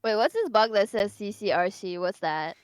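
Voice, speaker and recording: On a call, a young woman plays a tabletop game, hesitant and giggly as she thinks aloud about her moves in casual chat. Her medium-pitched voice is clear and resonant, moving at a moderate pace with no room sound.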